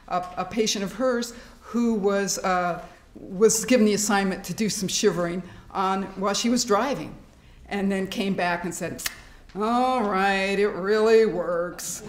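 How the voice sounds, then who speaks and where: A middle-aged woman giving a workshop talk to a live audience, animated and laughing often as she acts out fearful thoughts. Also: medium pitch. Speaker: workshop speaker. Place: hospital meeting room. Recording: echoey room.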